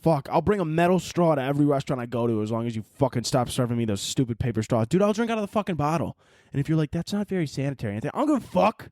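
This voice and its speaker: A man's voice: a little high, lively intonation, very fast, darkish tone, dry recording, studio quality. A man hosting a solo podcast, rambling and joking with frequent swearing. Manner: rambling, profane, jokey. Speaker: podcast host.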